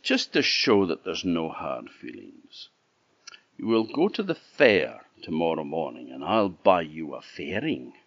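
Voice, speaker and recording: A sly big bad wolf with an Orkney Scottish accent, as a man voices him in a storybook tale, sweet-talking in a low, unhurried, coaxing voice. The sound is dull and dry. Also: sing-song, dry recording, full character voice. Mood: falsely friendly.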